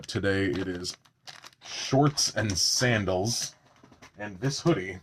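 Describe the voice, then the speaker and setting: A man's voice: deep voice, a little hiss or hum. A man chatting casually at home while doing his makeup on a live stream, joking about himself and swearing now and then.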